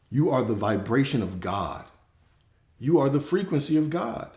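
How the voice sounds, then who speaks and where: A man's voice: mid-range voice, lively intonation, brisk, dark tone. A man who works as a spiritual coach, giving a casual, emphatic livestream talk that repeats its points and swears freely. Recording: roomy echo.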